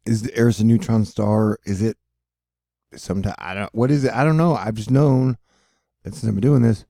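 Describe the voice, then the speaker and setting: A man's voice: lowish voice, normal speed, vocal fry, dark tone, dry recording, studio quality. A man hosting his own video, rambling casually over weather maps, swearing and joking and losing his thread. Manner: rambling, profane, jokey, loses his train of thought. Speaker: weather and space video host.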